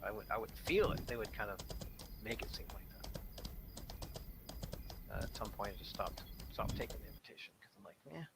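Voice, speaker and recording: A man's voice: fairly low pitch, animated, a little fast, pauses often, background noise. A man hosting a gaming channel, ranting casually and bluntly with plenty of swearing. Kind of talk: casual rant while gaming.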